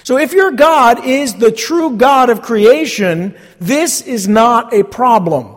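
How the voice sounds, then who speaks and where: A male pastor preaching with a high, animated voice that swoops up and down. He leans on key phrases, repeats them and puts questions to his listeners. Long reverb of a large hall trails behind him. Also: slow. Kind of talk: sermon.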